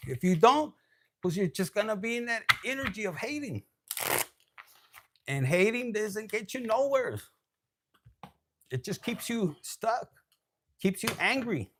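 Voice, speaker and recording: Profane high-voiced man giving a loose tarot reading. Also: big pitch swings, measured pace, pauses often, slight background noise. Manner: loose, profane, streetwise, mixing Spanish slang; laughs often, switches between loud and hushed. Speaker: tarot reader. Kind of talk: casual tarot reading monologue.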